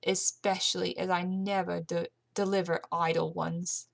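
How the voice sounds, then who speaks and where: A woman voicing a menacing, smirking male villain who speaks with slow, mocking politeness. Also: lowish voice, level tone, gravelly. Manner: sly, unhurried, mocking politeness.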